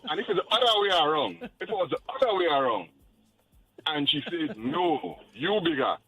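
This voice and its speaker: A man's voice: high voice, brisk, breathy edge, faint music behind, low-quality recording. A man co-hosting a radio advice chat, joking and acting out reactions. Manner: animated, joking, acts out reactions. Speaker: radio co-host.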